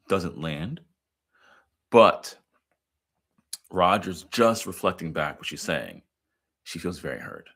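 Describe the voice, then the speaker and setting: A man's voice: sits low, big pitch swings, takes it slowly, long pauses, a bit bright. A man, a therapist, giving emphatic commentary on a therapy film clip. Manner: emphatic, explanatory. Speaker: therapist and educator.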